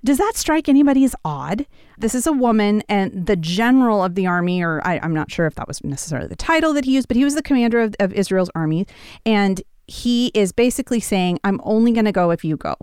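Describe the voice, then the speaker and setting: A woman teaching a Bible passage in a casual, conversational way, telling the story with animated quoted lines. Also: mid-range voice, fast talker, clean tone, dry recording, clean studio sound.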